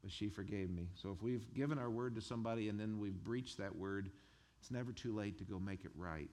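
A male pastor who preaches a sermon in a conversational, animated way and chuckles between his points. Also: lowish voice, brisk.

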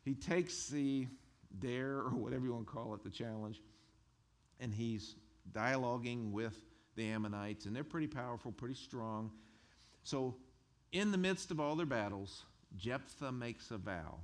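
Male pastor in a casual, animated sermon, mid-range voice. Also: medium pitch, unhurried. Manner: conversational, animated, chuckles between points.

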